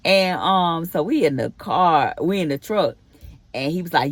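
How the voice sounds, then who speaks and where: A woman's voice: sits low, expressive, moderate pace. A woman vlogger telling a personal story in a casual storytime, acting out the quoted back-and-forth as she goes. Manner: chatty retelling with acted-out quoted dialogue.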